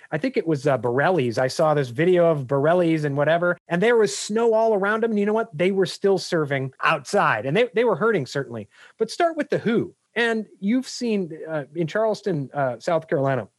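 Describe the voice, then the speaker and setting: Middle-aged male coach, punchy and anecdotal, slightly high voice, dry sound. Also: dry recording. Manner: energetic, anecdotal, emphatic. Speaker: business coach guest. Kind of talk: interview answers.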